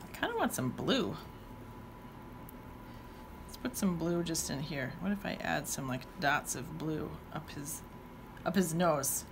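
A woman's voice: sits low, animated, a little slow, gravelly, long pauses, background noise. A woman teaching watercolor, talking casually while she paints and thinking aloud with playful exclamations. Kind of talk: painting demonstration talk-along.

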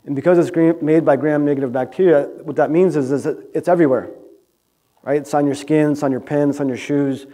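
Mellow-voiced man giving a lecture. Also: on the high side, steady tone, fast talker. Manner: conversational, asks "right?" often. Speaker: animal science researcher presenting. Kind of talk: conference lecture. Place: presentation room with audience.

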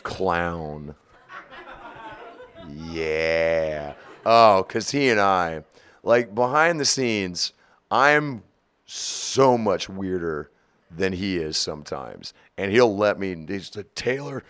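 A man in his forties, the guest of an interview, telling stories in an animated, profane way with frequent laughter. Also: low voice, very slow, clear, resonant tone. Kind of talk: storytelling interview.

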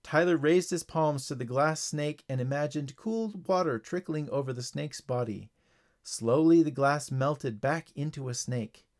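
A man narrates a children's story in a clear, steady voice. His pitch sits a little high for a man, and he keeps an even storytelling pace throughout. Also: a little slow.

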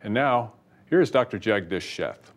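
Low-voiced male host reading an introduction. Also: animated, moderate pace. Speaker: host and moderator. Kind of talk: scripted introduction.

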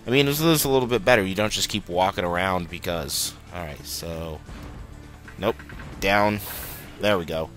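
A man's voice: low voice, normal speed, fairly bright tone, soft background music. A young man casually commenting while he plays a video game, chatty and muttering at the game. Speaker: let's play host.

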